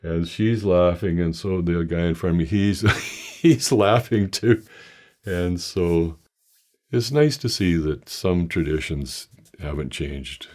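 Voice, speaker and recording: An older man telling a meandering, self-deprecating personal story with halting restarts. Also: sits low, darkish tone.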